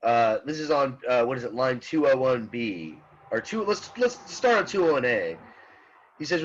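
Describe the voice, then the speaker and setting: A man teaching an online philosophy class, talking in halting restarts and often checking in with "right?". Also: mid-range voice, very animated, highs cut off, a little hiss or hum. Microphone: computer mic on a video call.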